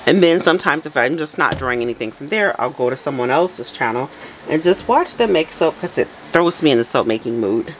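A woman with a deep, husky early-morning voice chats her way through a soap tutorial. She laughs often and lets her pitch swing widely as she talks to viewers. A faint room hum sits behind her. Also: animated, a little fast. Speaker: soap making channel host. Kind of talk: casual tutorial chat.

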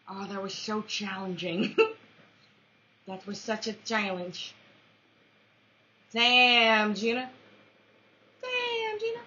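A woman commentating her own shooter match, with playful trash talk, mock-formal quips and excitable yelps. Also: medium pitch. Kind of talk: let's-play commentary. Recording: dull lo-fi recording.

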